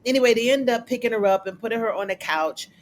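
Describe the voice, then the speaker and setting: A TV recap reviewer who chats casually through an episode. They talk in a loose, colloquial way and jump up in pitch when acting out the characters' lines. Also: lively intonation, quick pace, slight background noise. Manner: chatty, colloquial, acts out characters' lines in a raised voice.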